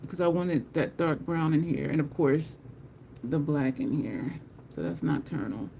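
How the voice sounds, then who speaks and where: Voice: medium pitch, a little slow, creaky, mellow, slight background noise. A beauty live-streamer in casual, chatty talk with viewers while swatching makeup, laughing often.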